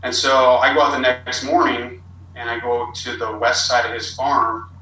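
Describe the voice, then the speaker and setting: A man's voice: medium pitch, little pitch movement, normal speed, bright, forceful tone, slight background noise. A man telling a long, rambling hunting story as a podcast guest. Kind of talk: casual storytelling. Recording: roomy, distant with faint ambience.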